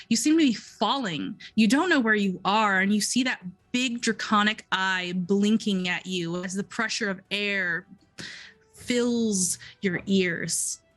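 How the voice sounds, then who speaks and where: A woman game master narrating a dream sequence slowly and deliberately, in second person. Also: mid-range voice, fairly bright tone, poor audio.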